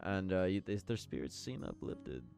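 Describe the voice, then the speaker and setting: A man runs a tabletop game, narrating scenes in a loose, profane, joking way. His voice sits a little low. Soft music plays faintly behind him. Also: very animated, moderate pace, creaky. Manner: loose, swearing, laughing narration. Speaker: dungeon master.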